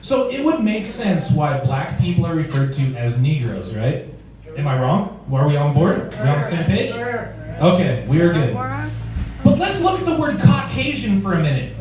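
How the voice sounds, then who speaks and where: Crude stand-up comic man, lively pitch. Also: normal speed. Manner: crude, conversational storytelling with crowd work. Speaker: stand-up comedian. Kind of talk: stand-up set. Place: comedy club stage. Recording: echoey club from far off, crowd.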